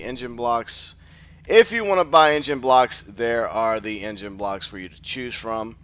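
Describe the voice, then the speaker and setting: A gaming channel host gives casual gameplay commentary while sleepy after just waking up, rambling and thinking aloud with lots of fillers. His voice is mid-range, smooth and fairly bright in tone.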